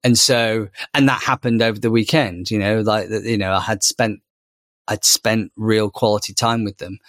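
Thirtysomething dad rambling on a podcast, low voice, lots of um and you know, dry close sound. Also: male voice, steady tone, moderate pace, a bit bright, dry recording. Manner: rambling, many fillers and restarts. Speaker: podcast co-host. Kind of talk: casual conversation.

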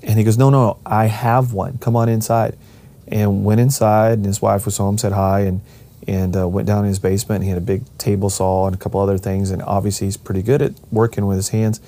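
A man's voice: on the low side, level tone, a little fast, dark tone. A middle-aged man telling a personal family story in a casual way, rambling with restarts and acting out the voices of the people he quotes.

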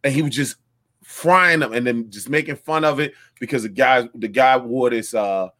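A man's voice: mid-range voice, normal speed, a bit bright. A man co-hosting a casual chat, talking with restarts and street slang. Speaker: podcast co-host.

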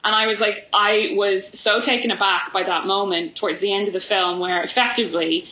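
A woman's voice: mid-range voice, steady tone, a little fast, bright, forceful tone. A woman talking animatedly about a film in casual chat, swearing freely and acting out quotes. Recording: echoey, dull lo-fi sound.

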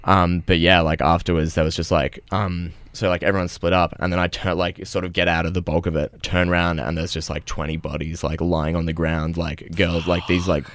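A man's voice: deep voice, little pitch movement, brisk, few pauses, fairly bright tone. A young man, telling a long story in casual podcast chat, full of fillers and restarts. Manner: rambling storytelling with many fillers.

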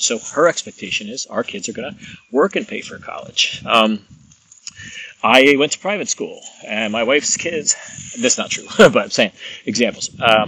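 A man talking casually to his listeners, rambling through everyday examples and telling stories to make his point. His voice is bright and forward, with a faint hiss of noise behind it. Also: mid-range voice, rough recording. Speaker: massage therapist. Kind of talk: casual monologue.

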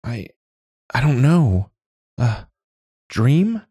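A man's voice: fairly low pitch, animated, measured pace, mellow, husky, no echo, clean studio sound, voice pushed up, full character voice. A man voicing a confused young captive girl. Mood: troubled. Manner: breathless, questioning, raised voice.

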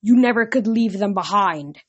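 A woman's voice: mid-range voice, expressive, normal speed, husky, dull audio. A woman voicing a proud teenage huntress girl who speaks in a formal, old-fashioned way. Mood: haughty. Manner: archaic, formal, cold.

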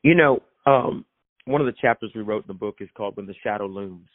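A man who is an author and minister tells his faith story as a guest, speaking emphatically like a preacher and repeating phrases for effect. His voice is fairly low and fast, and the recording sounds thin and phone-like, dry with no echo.

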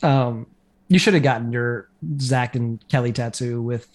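A man's voice: medium pitch, unhurried, darkish tone. A man casually recapping a TV episode on a podcast, rambling with lots of fillers. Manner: rambling, filler-heavy retelling. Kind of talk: casual chat.

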